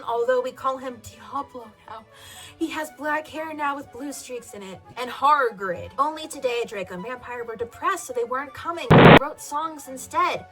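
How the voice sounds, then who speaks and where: Young woman doing a dramatic goofy reading, high voice, snarky side comments, music behind. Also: bright, forceful tone. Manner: theatrical, laughing asides, sarcastic commentary. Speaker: reader. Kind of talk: comedic dramatic reading of fan fiction.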